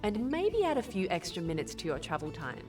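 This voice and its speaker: A cheerful outback radio newsreader, voiced by a woman,, her pitch bouncing brightly as she reads the morning bulletin. The game audio sits a little distant from the mic. Faint music plays beneath her. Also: wildly swooping pitch, brisk. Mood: cheery. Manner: upbeat, bright sing-song delivery. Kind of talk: scripted radio news read.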